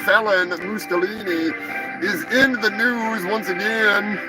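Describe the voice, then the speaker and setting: Brash, profane male comedy news host; high voice, mock-grand delivery. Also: fairly even intonation, takes it slowly, over loud music, poor audio. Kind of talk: crude comedic news rant.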